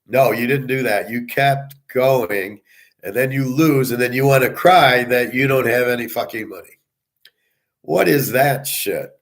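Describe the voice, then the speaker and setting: A man's voice: medium pitch, unhurried. Blunt, scornful man ranting. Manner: blunt, scornful, swearing often. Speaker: sports handicapper and commentator. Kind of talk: profane ranting monologue.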